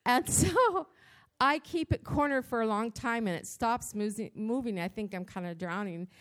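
A woman giving a devotional church talk, telling a personal story in an animated, dramatic way, with her voice jumping up in pitch and loudness. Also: moderate pace. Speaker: church speaker.

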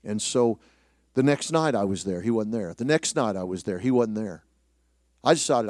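A middle-aged man preaching, telling a personal story in a self-deprecating way with many restarts, sometimes dropping to a hushed voice. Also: medium pitch, expressive, normal speed, no echo, clean studio sound. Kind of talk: sermon storytelling.

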